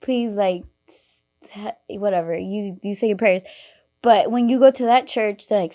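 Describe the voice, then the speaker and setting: A woman's voice: medium pitch, fairly even intonation, normal speed, warm tone. A young woman hosting a podcast, telling a story in casual chat, laughing often and acting out the people she quotes, full of fillers and casual swearing. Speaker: podcast host.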